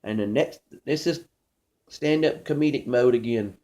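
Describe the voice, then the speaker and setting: A man's voice: mid-range voice, normal speed, a little mellow. A man doing a rambling, conversational stand-up comedy monologue, storytelling with many restarts.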